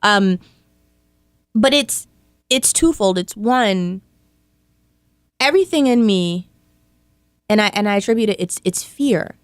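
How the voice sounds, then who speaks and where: A young woman guest in a casual interview, telling stories in an animated, playful way with comic asides. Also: medium pitch, takes it slowly, pauses often, clear, resonant tone, no room sound, clean studio sound. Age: young adult. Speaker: podcast guest.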